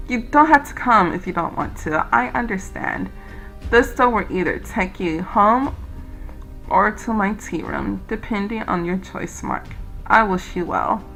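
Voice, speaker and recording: A woman voicing a calm, motherly tea-room lady who speaks in a gentle, measured way. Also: medium pitch, faint music behind, low-quality recording.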